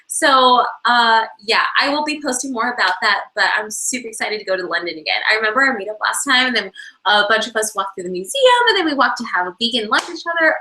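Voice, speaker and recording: Excitable fitness girl gushing to fans in a live q&a, bright high voice, video call mic. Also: fast talker, poor audio. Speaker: fitness instructor answering fan questions. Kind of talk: live online Q&A.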